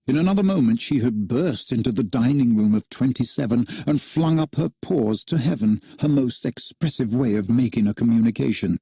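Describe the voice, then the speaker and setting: A man narrating a children's storybook aloud in an expressive, animated reading style. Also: mid-range voice, normal speed, creaky, hardly any pauses, slightly rough, dry recording.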